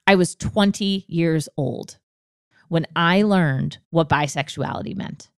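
A woman in her twenties hosts a podcast and tells a personal story earnestly and openly, becoming emotional at times. Her lowish voice is clear and resonant, recorded with clean studio sound and no room sound.

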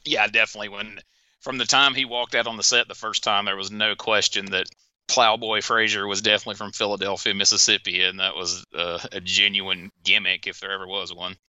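Easygoing male podcast guest with a low, sharp-toned voice. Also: flat delivery, fairly quick, no echo, highs cut off. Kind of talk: casual podcast chat.

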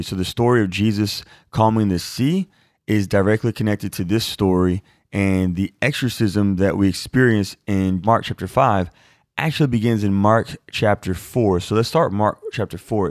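In a dry, clean studio recording, a man in his thirties reads Scripture and then unpacks it informally for a viewer's question, sprinkling in "like" and "y'all." His voice sits on the low side with a darkish tone.

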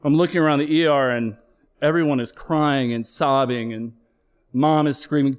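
Middle-aged guy, paramedic, telling a true story, blunt and emotional, swears a bit, normal pitch. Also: clear, resonant tone. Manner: candid, emotional, swears, slows for emphasis. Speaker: flight paramedic. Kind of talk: live personal storytelling.

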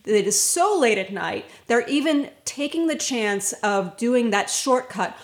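A woman's voice: fairly high pitch, expressive, measured pace. A woman telling a ghost story to friends in a casual way with wry, playful asides. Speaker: podcast cast member telling a ghost story.

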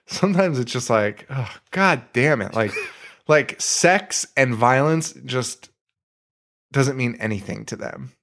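Male podcast co-host, casual film-review chat, animated retelling, mid-pitched. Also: takes it slowly. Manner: excitable retelling, swearing, putting on silly voices.

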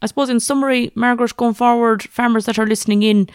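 A woman hosting a podcast interview, putting brisk prepared questions to her guests. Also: a little high, steady tone, smooth, no echo, clean studio sound. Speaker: podcast host.

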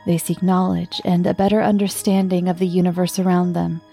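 A woman giving a scripted story narration in a hushed, often half-whispered voice, with music playing behind her. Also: on the low side, flat delivery, fairly quick, gravelly.

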